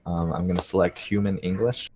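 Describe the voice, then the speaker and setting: A man with a very deep voice plays in a tabletop role-playing session. He speaks deliberately, laying out his character's moves and asking careful questions. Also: fairly even intonation, darkish tone, slight background noise. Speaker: player. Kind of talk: casual tabletop play.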